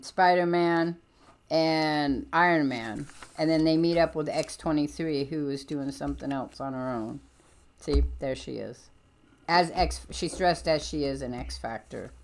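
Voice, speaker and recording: A woman's voice: low voice, unhurried. A woman hosting a livestream, chatting casually and rambling as she jumps between points with lots of ums. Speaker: livestream host. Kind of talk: casual chat about comics.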